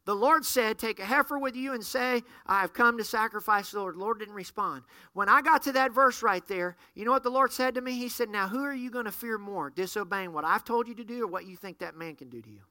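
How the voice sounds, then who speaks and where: A middle-aged man, a pastor, preaching a sermon and telling stories with lively acted-out dialogue. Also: sits high, a little fast, few pauses, no echo. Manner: animated storyteller, acts out dialogue. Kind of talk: sermon storytelling.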